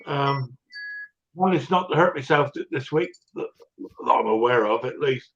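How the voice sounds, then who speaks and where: A man's voice: medium pitch, animated, normal speed, a bit bright, lo-fi sound, a little hiss or hum. An older man hosting a livestream, greeting viewers one by one in rambling, self-mocking casual chat with frequent chuckles. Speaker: livestream host.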